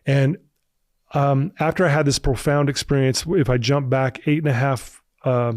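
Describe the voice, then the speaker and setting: Man, 50s, earnest storyteller on a podcast, mid pitch, dry close sound. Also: steady tone, moderate pace, dry recording. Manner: earnest, emotional personal storytelling. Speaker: podcast guest, recovery speaker.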